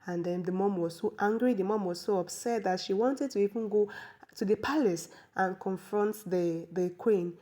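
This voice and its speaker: A woman's voice: medium pitch, normal speed, warm tone. A woman, chatty and opinionated, recapping a movie and explaining local words. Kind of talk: casual movie recap commentary.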